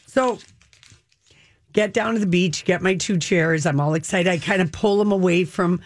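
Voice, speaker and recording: A middle-aged woman telling a lively story in casual chat, her pitch leaping up for emphasis. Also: moderate pace, no room sound, clean studio sound. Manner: animated storyteller, exaggerated pitch jumps.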